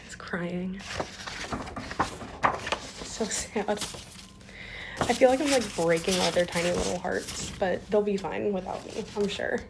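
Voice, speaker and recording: A woman's voice: medium pitch, brisk, creaky, heavy background noise. A young woman talking casually to her phone camera at school, emotional and close to tears, with lots of fillers. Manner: chatty, fillers, on the edge of tears. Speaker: school aide. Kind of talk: casual vlog. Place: school classroom.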